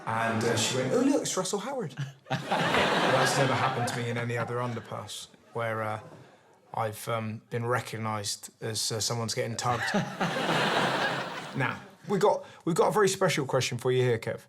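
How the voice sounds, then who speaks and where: A man hosting a comedy chat, giggling through quick banter and reading out questions. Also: mid-range voice, fairly even intonation. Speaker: host. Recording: noisy recording.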